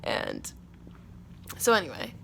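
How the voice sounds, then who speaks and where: A woman's voice: slow, a little hiss or hum. A young woman hosting a casual confessional monologue, rambling and profane, full of "like", sometimes tearful. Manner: rambling, profane, emotional, with frequent "like". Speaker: podcast host. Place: outdoors at her home by a street.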